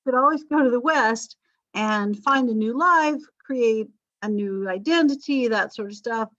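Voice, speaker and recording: A woman's voice: fairly high pitch, moderate pace, fairly bright tone. Chatty woman teaching history, lo-fi recording. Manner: chatty, laughs and asides, wry jokes. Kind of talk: casual recorded class lecture. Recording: dull lo-fi lecture recording.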